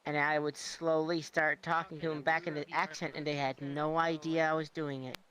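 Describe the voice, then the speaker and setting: A man's voice: fairly high pitch, level tone, a crowd in the background, poor audio. A man in casual chat, jumping in and telling a story. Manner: quick interjections, storytelling.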